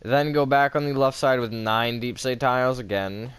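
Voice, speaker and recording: A man walks viewers through a building tutorial in a loose, chatty way, full of fillers and jokes at his own expense. His voice is smooth and resonant at a middle pitch. He is recorded close up on a dry home mic. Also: steady tone, normal speed, fairly bright tone, no echo. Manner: chatty, self-mocking, many fillers. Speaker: game tutorial host.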